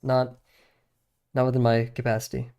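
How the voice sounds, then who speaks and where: A man's voice: medium pitch, monotone, normal speed, warm tone. A man in his twenties chats casually while streaming, wandering from thought to thought. He pokes fun at himself and breaks into small laughs between phrases. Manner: rambling, self-deprecating, laughs often. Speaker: drawing streamer.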